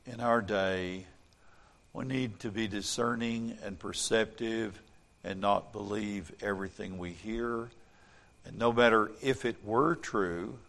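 Gravelly man reading a story and preaching. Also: lowish voice. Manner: animated storytelling, calm earnest exhortation. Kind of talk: children's story reading, then devotional and prayer.

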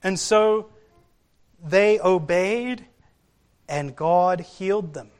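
A man's voice: high-pitched, a little mellow, clean tone. A man preaching a sermon, telling a Bible story in a storytelling way and acting out the voices of the people in it. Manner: slow, storytelling delivery that acts out quoted voices.

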